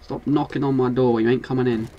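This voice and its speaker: Excitable man doing gameplay commentary. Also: medium pitch, fast talker, lo-fi sound, a little hiss or hum. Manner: excitable, swears and scolds game monsters. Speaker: gaming video host.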